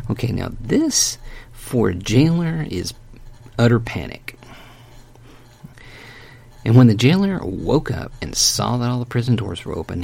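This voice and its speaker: A man preaching in a loose, conversational sermon, his low voice rough with gravel and a husky edge. He swings up and down with lively emphasis and drops into folksy asides.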